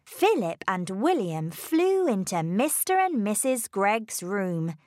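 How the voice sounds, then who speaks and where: Woman reading a kids story really slowly, lively voice, dry close sound. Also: medium pitch, no echo. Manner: slow, careful, expressive read-aloud delivery. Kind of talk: scripted storybook narration.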